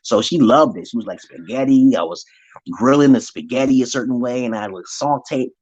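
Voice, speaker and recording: A man's voice: mid-range voice, moderate pace, darkish tone, breathy edge, no room sound. A man telling a long personal story in a casual, profane monologue, acting out the voices he quotes. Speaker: vlogger. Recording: dry, dull lo-fi sound.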